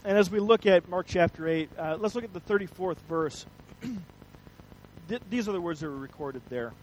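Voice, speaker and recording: A man's voice: on the high side, moderate pace, slight background noise, low-quality recording. A man preaching a sermon, telling a story in an earnest way with frequent restarts. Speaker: pastor.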